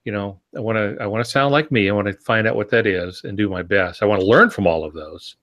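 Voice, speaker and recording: A man with a fairly low voice chats on a podcast about the craft of writing. He explains his ideas in a relaxed, reflective way. He often pauses on ums and restarts his sentences as he thinks aloud. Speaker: podcast co-host.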